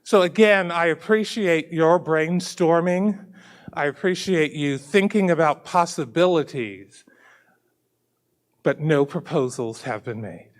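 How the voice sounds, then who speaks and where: A man's voice: fairly high pitch, measured pace. A school superintendent, a man, giving earnest opening remarks at a public committee meeting and repeating key points for emphasis.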